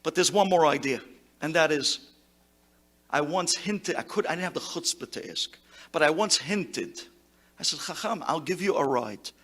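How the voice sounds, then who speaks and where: A man speaks as a rabbi at a memorial gathering. His voice sits high and sounds bright and forceful. He drops Hebrew words into his English and moves from loud, emphatic lines to quiet, hushed ones. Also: expressive, normal speed, long pauses. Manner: impassioned, swinging from loud exclamations to hushed tones. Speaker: rabbi giving a eulogy.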